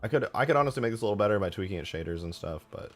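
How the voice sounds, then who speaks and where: Male streamer, low-pitched, laid-back chatty narration over soft background music. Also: very fast. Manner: relaxed, self-correcting, rambling. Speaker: modding streamer. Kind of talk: casual commentary while modding.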